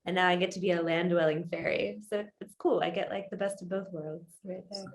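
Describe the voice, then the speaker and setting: A woman's voice: on the low side, fairly even intonation, fairly quick, a little hiss or hum. A woman, a yoga teacher and musician, talking candidly and at length as an interview guest. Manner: candid, rambling, thoughtful. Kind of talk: casual interview chat.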